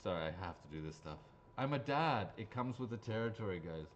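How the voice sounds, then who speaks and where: A man's voice: on the low side, expressive, brisk, dull audio, slight background noise. A man hosting live raffle draws, chatting casually and joking, swearing freely as he goes. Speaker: raffle host. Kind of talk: live-stream raffle draw chat.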